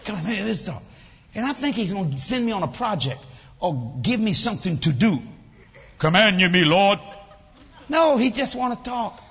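A man's voice: sits high, brisk, gravelly, slightly rough, long reverb tail, dull audio. An older man preaching a sermon to a congregation, telling jokes and acting out voices in his stories. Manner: animated storytelling, acts out voices, jokes with congregation. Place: church hall with audience.

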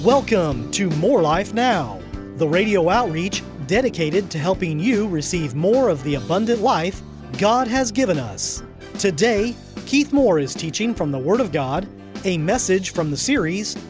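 A radio announcer reading a scripted program introduction with a lively, swinging delivery. Music plays clearly underneath the whole time. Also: medium pitch, unhurried.

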